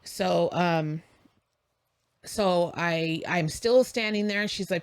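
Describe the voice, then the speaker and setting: A woman's voice: on the low side, takes it slowly, smooth, no echo. A woman co-hosting a casual talk show, telling a story and acting out the dialogue. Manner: animated, acts out quoted dialogue. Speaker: podcast co-host.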